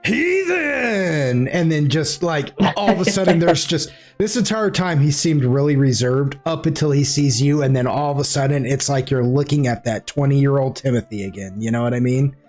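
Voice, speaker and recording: A man's voice: mid-range voice, brisk, few pauses, darkish tone, faint music behind. A man narrating a tabletop role-playing game as game master in a casual, chatty manner.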